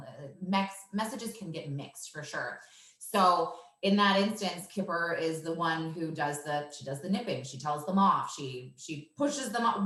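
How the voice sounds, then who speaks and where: Confident woman dog trainer, crisp forceful tone, talks through her methods plainly. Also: on the low side, echoey room. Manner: assured, explanatory, laughs easily. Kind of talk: casual interview answers.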